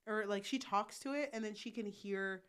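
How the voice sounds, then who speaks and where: A woman co-hosting a podcast, chatting casually about a novel, animated, swearing freely and laughing often. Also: mid-range voice, moderate pace, smooth. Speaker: podcast co-host. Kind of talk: casual book chat.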